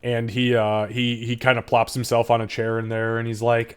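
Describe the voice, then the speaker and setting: A man running a live tabletop session, narrating in a loose, offhand way with lots of "like" and "kinda". His voice sits at a medium pitch, and he describes the action casually. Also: flat delivery, a little fast, few pauses, clean tone. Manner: loose, filler-heavy, laughing narration. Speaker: game master.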